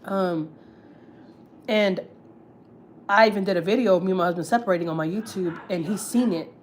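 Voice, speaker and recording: A woman's voice: mid-range voice, fairly quick, a little hiss or hum. A woman, a family vlogger, tells gossip on a livestream in a blunt, heated, profane way. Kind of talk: casual storytelling, gossip.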